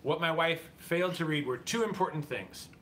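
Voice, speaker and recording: A man's voice: a little high, normal speed, a bit bright, slight background noise. A man co-hosting a casual show, telling a teasing story to viewers. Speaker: podcast co-host. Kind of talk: casual chat with live viewers.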